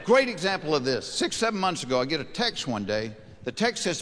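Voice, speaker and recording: High, lively Southern man on stage. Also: brisk. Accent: Southern American. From American South. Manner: drawling storyteller, slips into character voices. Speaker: stand-up comedian. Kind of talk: stand-up comedy routine. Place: theater stage with live audience. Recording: live show with audience noise.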